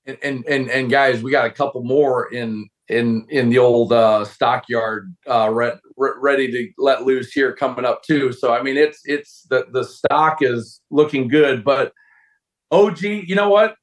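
A man's voice: medium pitch, unhurried. A man in his forties, a former football player, telling a long story as a guest and acting out other people's lines. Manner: animated storyteller, acts out voices of coaches. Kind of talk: casual storytelling interview.

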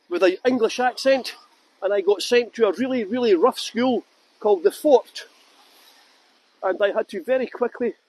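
A middle-aged guide from Scotland, with a strong accent, hosts a live-streamed nighttime walking tour of town streets, chatting with viewers by name and often laughing. His voice is high-pitched and darkish.

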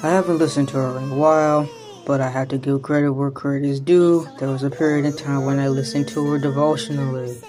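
A woman vlogger reading a food label aloud in a deadpan way, saying every comma and period. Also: rumbling low, brisk. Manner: deadpan, reads punctuation aloud. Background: music.

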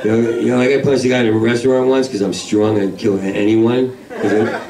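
A man's voice: mid-range voice, little pitch movement, a little fast. Man, New York accent, stand-up comedian, manic rambling delivery, roomy club sound, far from the mic, crowd laughing. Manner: manic, rambling, swings between yelling and mumbling. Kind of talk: stand-up routine. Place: comedy club main room.

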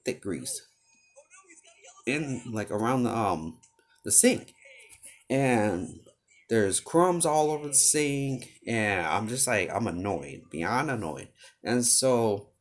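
A young man venting about his job in a loose, rambling storytime style. His voice rises and falls a great deal as he grows exasperated, and he trips over filler words as he goes. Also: medium pitch. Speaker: vlogger. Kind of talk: casual storytime rant.

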